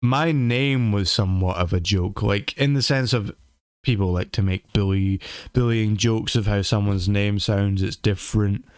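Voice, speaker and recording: A man's voice: fairly low pitch, moderate pace, clean tone, dry recording. Rambling man, dry sound. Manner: rambling, repeats words while thinking. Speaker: podcast co-host. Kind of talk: casual chat.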